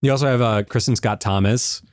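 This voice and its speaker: A man's voice: medium pitch, brisk, no echo, studio quality. Chatty man riffing on a movie. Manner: jokey, riffs with put-on Southern drawl bits. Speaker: film commentary co-host. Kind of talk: casual film commentary chat.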